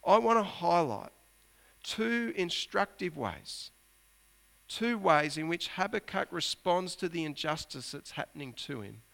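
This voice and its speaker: A man's voice: sits high, vocal fry, sharp tone. A man preaching a sermon as pastor, earnest, climbing to emphatic peaks and sinking to near-whispers.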